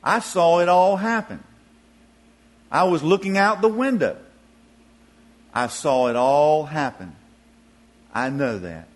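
Man doing a loving old grandmother, gentle, tender, slow. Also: a little high.

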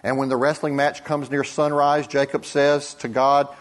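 A man preaching a sermon as pastor, deliberate, with dramatic pauses and soft drops for emphasis. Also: medium pitch, flat delivery.

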